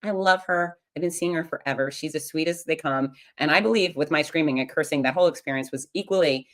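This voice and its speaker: Female host, middle-aged, deep-pitched voice, candid and funny confessional storytelling. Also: fast. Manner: frank, humorous, confiding and animated. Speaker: podcast host.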